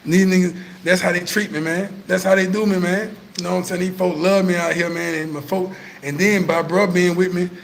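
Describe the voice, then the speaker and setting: A man's voice: high-pitched, fairly even intonation, fairly quick, vocal fry, few pauses, slight background noise, poor audio. A man vlogging, telling a story to his viewers in profane, laid-back street talk.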